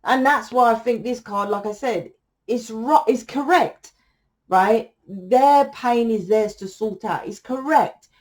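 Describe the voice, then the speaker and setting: A woman's voice: fairly high pitch, takes it slowly. Woman doing a tarot reading, blunt and sweary, lectures you straight. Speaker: tarot reader.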